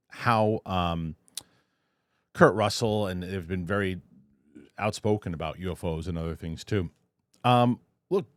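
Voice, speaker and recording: A man's voice: low-pitched, no echo. A man hosting a show, giving loose, chatty commentary with frequent restarts. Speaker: host. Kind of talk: casual commentary.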